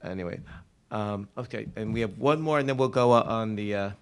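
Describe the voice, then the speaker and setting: Man chairing a town board, low voice, friendly and chatty between speakers. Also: a little fast, slight background noise. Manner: friendly, rambling asides. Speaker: board chair running public comment.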